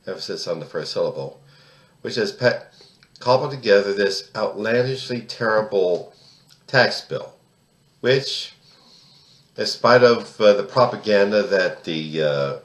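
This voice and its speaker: In an echoey room, an American man of roughly sixty with a voice on the low side offers solo political commentary to camera. He sounds emphatic and indignant, frequently repeating words and starting his sentences over.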